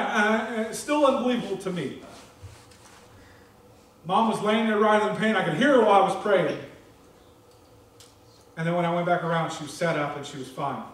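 A man's voice: high-pitched, fairly bright tone. A man pastor giving an earnest, candid sermon with a personal testimony, often checking in with "okay?". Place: church sanctuary. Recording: echoey church from far off.

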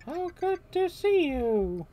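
A woman voicing a cold, grand, possessed princess who speaks slowly and solemnly. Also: high voice, big pitch swings, dark tone, slight background noise, voice pushed up, heavily acted. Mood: sweet. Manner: slow, drawn-out, solemn questioning.

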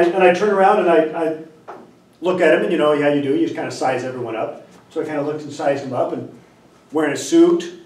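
A man's voice: a little high, far from the mic. Man lecturing in a roomy hall. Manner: animated, acts out dialogue, frequent throat clearing. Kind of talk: storytelling lecture. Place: lecture room.

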